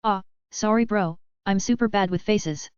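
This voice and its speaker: A woman's voice: medium pitch, normal speed, clean tone, no room sound, lightly acted. A woman voicing a brash young woman receptionist who teases in laid-back street slang. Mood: teasing. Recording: dry, slightly dull lo-fi.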